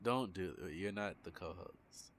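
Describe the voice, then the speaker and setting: A man's voice: unhurried, fairly bright tone, slight background noise. A man from Maryland with a slight lisp and a light Maryland accent, co-hosting a casual podcast in playful banter. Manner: playful, jumps high when surprised. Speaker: podcast host.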